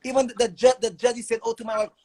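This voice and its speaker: A man's voice: extremely high pitch, steady tone, rapid-fire, a little mellow, low-quality recording. A man telling his own story as a father in an emotional testimony, urgent and repeating words in long stammering runs.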